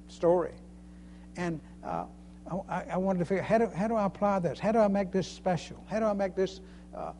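A man's voice: sits high, a little mellow, slight background noise. A man preaching a sermon in a folksy way, chuckling often and repeating phrases for emphasis. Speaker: preacher and Sunday school teacher.

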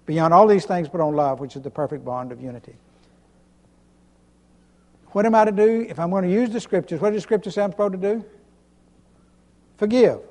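A pastor preaching an emphatic sermon, repeating himself and chuckling between points. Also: male voice, high-pitched, a little mellow. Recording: long hall reverb.

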